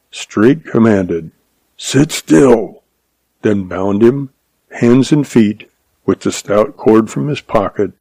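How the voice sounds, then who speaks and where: Male audiobook narrator, low, gravelly, measured delivery, dry close read. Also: dark tone, dry recording. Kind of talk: scripted narration of a Western story.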